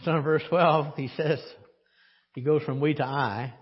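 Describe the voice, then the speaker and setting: A man's voice: fairly high pitch, fairly even intonation, measured pace, husky, muffled recording. A man preaching a teaching sermon, posing questions to the congregation and answering them himself. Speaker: pastor.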